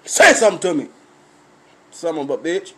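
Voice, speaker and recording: A man telling a story as a blunt, animated comic rant, swearing constantly and breaking into laughs. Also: a little high, moderate pace.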